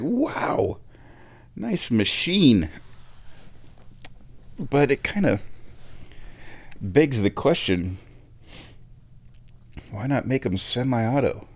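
A man chatting casually to viewers, thinking aloud and searching for words as he rambles from topic to topic. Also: mid-range voice. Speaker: vlogger. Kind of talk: casual rambling chat while watching sport.

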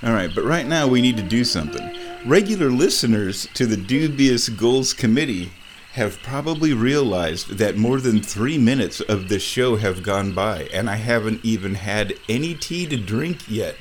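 The vlog host, a man with a lowish, expressive voice at a moderate pace, makes tea indoors in his kitchen at home. He hums and chats playfully to himself, and a little hiss or hum is audible.

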